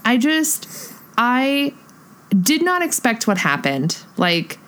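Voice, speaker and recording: A young woman chatting casually and excitedly about a film, gushing, with lots of "like" fillers. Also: a little high, slow.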